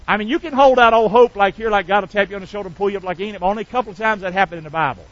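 A man's voice: high voice, very fast, no room sound, lo-fi sound. A man preaching a sermon as pastor, leading call-and-response and mixing folksy slang with quoted scripture. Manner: call-and-response preaching, asks the church to repeat lines; folksy, drops into casual slang between scripture.

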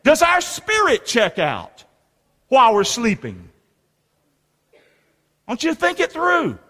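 A man preaching a sermon as pastor, in lively call-and-response with rhetorical questions to the congregation. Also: very high voice. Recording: long reverb of a large hall.

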